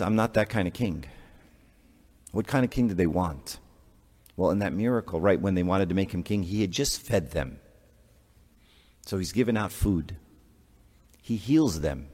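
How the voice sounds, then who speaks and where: A priest giving a conversational sermon, asking rhetorical questions and making joking asides. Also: male voice, fairly low pitch, darkish tone. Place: church. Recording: long church reverb.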